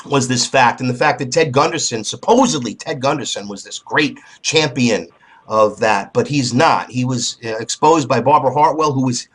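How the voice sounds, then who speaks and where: A man's voice: medium pitch, a bit bright, slightly rough. A man hosting a talk show interview, speaking in an impassioned, emphatic way. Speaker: host.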